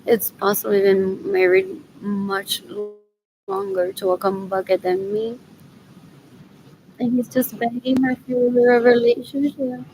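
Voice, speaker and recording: A woman's voice: medium pitch, little pitch movement, slow, music in the background, low-quality recording. A woman talking in a rambling monologue, repeating phrases again and again and switching between English and Spanish.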